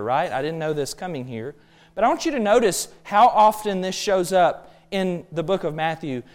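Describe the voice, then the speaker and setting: A man preaching a sermon, emphatic and full of rhetorical questions. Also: high-pitched.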